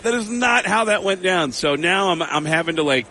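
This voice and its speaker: A man who is a stand-up comedian, telling animated anecdotes and acting out the exchanges he quotes. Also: high-pitched. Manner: excitable, quick storyteller who acts out quoted exchanges.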